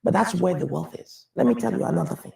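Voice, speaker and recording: A man's voice: sits high, lively intonation, quick pace, vocal fry, warm tone. A man giving an emphatic public talk, repeating phrases as he builds his point. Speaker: speaker on wealth and taxes. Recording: echoey room from a distance.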